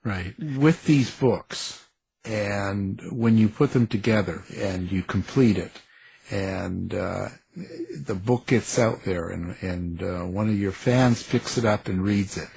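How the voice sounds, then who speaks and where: A man's voice: on the low side, takes it slowly, creaky, a little mellow, slightly rough, low-quality recording. A man hosting an interview, joking with his guests in a casual way. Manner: joking, laughing easily.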